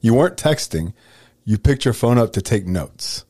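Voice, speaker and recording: A middle-aged man trades easy banter as a podcast co-host, teasing and playful. His voice sits very low yet swoops lively between high and low. The sound is close and dry, with no room around it. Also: normal speed, slightly rough, no room sound. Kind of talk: casual chat.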